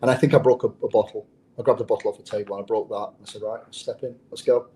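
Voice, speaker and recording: A man's voice: fairly low pitch, fairly even intonation, very fast, dark tone, a little hiss or hum, low-quality recording. An English man who is a former undercover police officer, telling a story in an interview in a blunt, profane way. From England.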